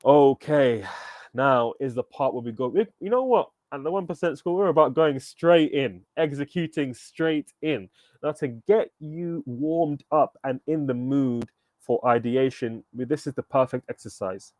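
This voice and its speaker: A man coaching an online entrepreneurship workshop, energetic and upbeat, asking viewers for thumbs up and comments. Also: medium pitch, a little slow, no echo. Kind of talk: live online workshop teaching.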